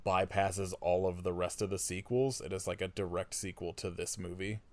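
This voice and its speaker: A man's voice: deep voice, flat delivery, normal speed. A man co-hosting a podcast, chatting casually about film sequels. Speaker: podcast co-host. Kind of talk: casual chat.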